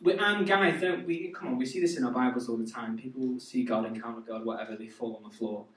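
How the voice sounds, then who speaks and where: A man's voice: medium pitch, fast talker, a bit bright. A man preaching a sermon to a youth group, chatty and quizzing the audience. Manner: chatty, asks the audience questions. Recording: echoey hall from far off.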